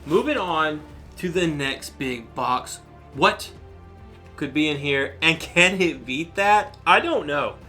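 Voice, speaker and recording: Bright-voiced, gushing unboxing host. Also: male voice, fairly high pitch, expressive, slow pace, faint music behind. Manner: enthusiastic, rambling, gushing. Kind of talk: excited unboxing commentary.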